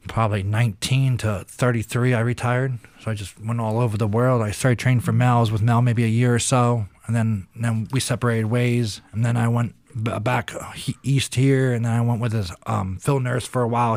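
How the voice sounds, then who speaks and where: Profane ex-fighter telling stories, dry mic. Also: male voice, mid-range voice, dry recording. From Pennsylvania, USA. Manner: rambling, profane, acts out voices in his stories. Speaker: podcast guest, retired kickboxer. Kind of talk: casual storytelling interview.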